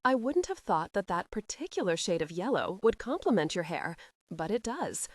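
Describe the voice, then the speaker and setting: A woman's voice: medium pitch, big pitch swings, normal speed, no echo. A woman voicing a charming, teasing nobleman who speaks in an easy, casual drawl.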